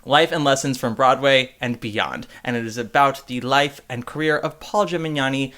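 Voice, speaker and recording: A man's voice: mid-range voice, normal speed, pushed and bright. Giddy, theatrical male podcast host. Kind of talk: casual podcast chat.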